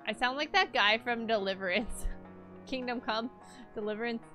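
A woman's voice: on the high side, normal speed, music in the background. A woman streaming a video game, chatty and giggly, talking to her viewers. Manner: chatty, giggly, talks to chat. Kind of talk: casual game livestream commentary.

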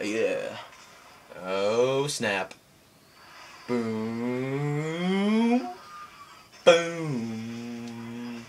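A young man giving excitable let's play commentary, shouting exclamations and making sound effects while he plays. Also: fairly low pitch, gravelly, slight background noise. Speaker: gameplay commentator.

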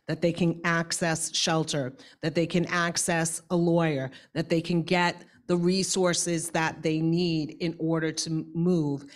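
A woman speaking as a panelist in a discussion, deliberate and emphatic, building long lists of points. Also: low-pitched.

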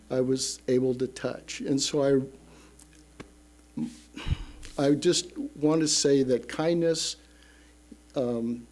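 An older man slowly telling a personal story at a church service, halting and reflective. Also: medium pitch, mellow. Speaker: congregation member sharing a testimony. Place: church sanctuary.

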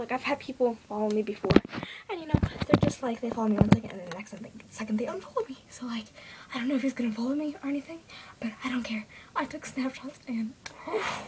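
A woman's voice: high voice, background noise. A fourteen-year-old girl vlogging from her bedroom, breathless and giddy, often dropping into whispers. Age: teens. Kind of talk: excited fangirl vlog. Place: bedroom at home.

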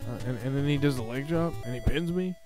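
Guy doing a cocky washed-up wrestler ranting over a game, says brother and dude every line, swears a lot, mid-pitched, music going behind. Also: fast, natural voice. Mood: cocky rambling. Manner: tacks brother or dude onto nearly every phrase; swears often and chuckles between lines. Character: boastful broke aging male pro wrestler. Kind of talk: comedic gameplay commentary impression.

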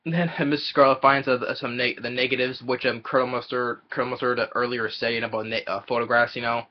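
A man casually retelling a film's plot in a rambling, halting way, with many fillers and chuckles. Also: medium pitch, flat delivery, muffled recording. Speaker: film reviewer.

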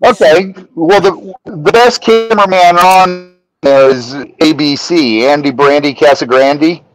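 A middle-aged man telling a story as a podcast guest, animated and profane, rising to shouts when he acts out arguments. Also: on the high side, measured pace, poor audio. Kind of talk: storytelling in casual chat.

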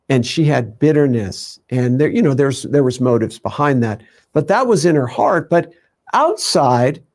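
Male preacher, slightly high pitch, loose conversational Bible teaching with lots of "you know.". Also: a little mellow. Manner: conversational, many fillers, acts out quoted voices. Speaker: teacher of a ministry show. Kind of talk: informal sermon teaching.

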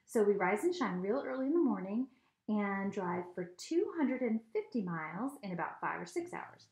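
A woman reading as a brisk, organized mother. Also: medium pitch, very animated, a little mellow. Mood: matter-of-fact. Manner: brisk, matter-of-fact planning. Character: organized, planning mother of a family. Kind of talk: storybook read-aloud. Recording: echoey room.

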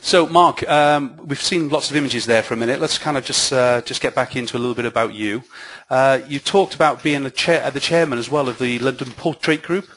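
A man's voice: mid-range voice, fairly quick, a bit bright, slight background noise. Man hosting a live webinar. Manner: hesitant, filler-heavy questions. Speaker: webinar host.

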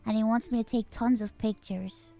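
A woman chatting casually while streaming a game, talkative and quick to giggle. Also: a little high, steady tone, gravelly, mellow, soft background music. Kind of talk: casual gameplay chat.

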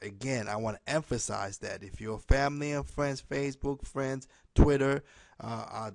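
A man making a direct appeal to camera, pleading and repeating himself, ending most lines with a low "okay?". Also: vocal fry, no echo. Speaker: home business promoter.

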